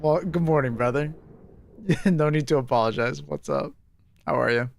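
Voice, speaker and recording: A man's voice: on the high side, moderate pace, vocal fry, a little hiss or hum. A male livestreamer chatting casually with his viewers, laughing and swearing often as he banters. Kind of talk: casual chat with stream viewers.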